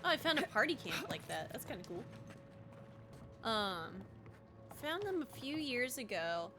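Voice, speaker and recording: A woman's voice: fairly high pitch, sing-song, unhurried, gravelly, music in the background. A young woman with a Southern US accent, chatting casually and bubbly while streaming a game, laughing easily. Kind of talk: casual livestream chat while gaming.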